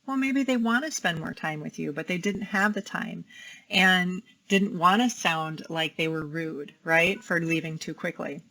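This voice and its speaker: A woman's voice: lowish voice, a little slow, pushed and bright, rough recording. A woman, a life coach, talking casually about challenging anxious thoughts, with many fillers and quoted inner voices. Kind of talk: casual talk on managing anxiety.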